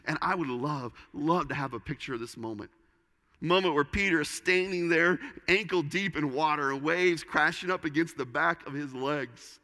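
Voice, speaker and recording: Bright-voiced preacher man in a hall. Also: fairly high pitch. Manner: dramatic storytelling, swinging from loud to hushed. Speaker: pastor. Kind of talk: sermon. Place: church sanctuary with an audience.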